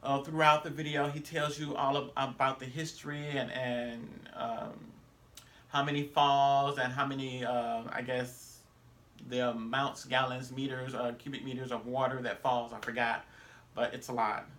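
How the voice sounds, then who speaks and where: A man's voice: mid-range voice, flat delivery, normal speed, fairly bright tone. A man vlogging on a trip, talking casually to camera in a rambling way, full of fillers and self-corrections. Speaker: travel vlogger. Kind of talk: casual vlog talk to camera.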